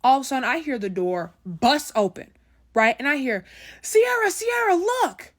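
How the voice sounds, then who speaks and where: A woman's voice: on the high side, expressive, a little fast. Brief: young woman, casual storyteller, chatty, keeps checking in with the listener. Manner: chatty, keeps asking "right?".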